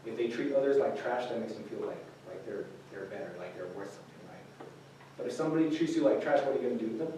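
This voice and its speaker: A man's voice: medium pitch, lively intonation, quick pace, dark tone, slight background noise. A man giving an informal sermon to a group, talking casually with many fillers and restarts. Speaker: youth speaker. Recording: echoey room recorded from a distance.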